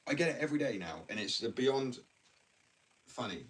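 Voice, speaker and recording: A man's voice: mid-range voice, expressive, moderate pace, fairly bright tone. A young man from England ranting bluntly and ramblingly in a casual livestream, full of slang. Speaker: live streamer. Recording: distant mic with faint background noise.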